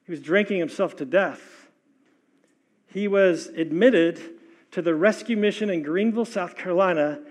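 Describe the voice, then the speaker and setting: An older man delivers a sermon as pastor, with a voice that sits high for a man. He preaches with passion, rising to loud exhortations and dropping to hushed, soft lines. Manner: impassioned preaching with sudden loud and soft swings.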